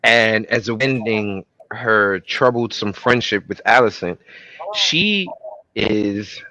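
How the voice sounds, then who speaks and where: A man's voice: slow pace, dry recording, rough recording. A man co-hosting a podcast, chatting casually and acting out characters in sudden voices. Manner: animated, acts out characters with sudden high-pitched voices. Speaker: podcast co-host. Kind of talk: casual chat recapping a TV episode.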